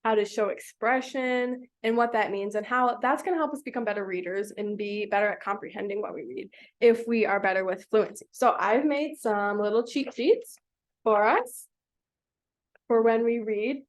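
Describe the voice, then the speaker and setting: A woman's voice: on the high side, moderate pace. A woman teaching a small reading group, patient and encouraging, asking the children many questions. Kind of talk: classroom instruction to children.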